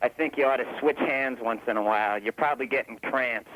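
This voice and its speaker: A man's voice: medium pitch, fairly quick, fairly bright tone, low-quality recording. A man calling a radio show to mock the host with insults. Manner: mocking insults. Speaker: caller.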